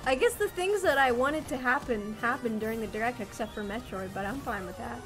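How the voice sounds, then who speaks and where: A woman streaming a live reaction to a game showcase, gushing and squealing, swinging from shouts to hushed whispers. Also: a little high, brisk, over music. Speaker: gaming content creator. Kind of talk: excited live reaction commentary.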